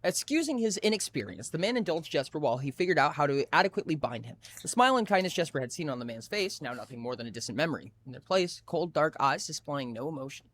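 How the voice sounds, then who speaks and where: A male streamer reading a story aloud on a live stream, his voice sitting a little higher than most men's. He reads expressively, stumbling and restarting words as he goes. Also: sing-song, quick pace, hardly any pauses, a bit bright.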